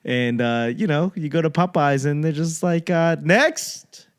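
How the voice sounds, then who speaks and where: A young man from the Boston area, a comedian hosting his podcast, rambling through a profane, casual comic monologue and slipping into quick impressions of other people. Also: on the high side, clean tone. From Boston area, USA. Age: young adult.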